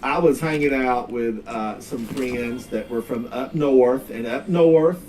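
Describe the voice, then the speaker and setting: A man's voice: medium pitch, steady tone, takes it slowly, darkish tone. A man from the North Carolina mountains with a Southern accent, chatting casually and rambling in folksy asides while he streams a game. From North Carolina, Smoky Mountains. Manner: rambling, folksy, drawls out words. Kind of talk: casual gaming livestream chat. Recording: distant mic, faint background noise.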